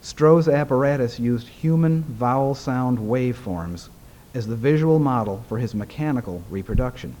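A man reads a prepared talk aloud to a gathering. His delivery is measured and formal, and his pitch sits in a middle range. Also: warm tone, highs cut off, slight background noise. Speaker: presenter. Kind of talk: reading a prepared paper aloud.

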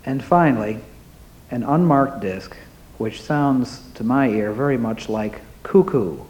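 A man announcing and describing recordings one at a time, in a slow, careful way. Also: medium pitch, darkish tone. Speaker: presenter playing recordings. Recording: roomy with faint ambience.

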